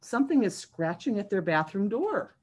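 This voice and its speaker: Reading a picture book to young children on a video call, this female librarian is sing-song and animated and stops to quiz the kids. She speaks at a medium pitch and moderate pace, with a breathy edge.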